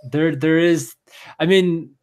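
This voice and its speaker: A man co-hosting a casual podcast chat, talking haltingly with frequent fillers and restarts. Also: a little high, steady tone, darkish tone. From Taiwan. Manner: hesitant, many restarts and fillers. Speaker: podcast co-host.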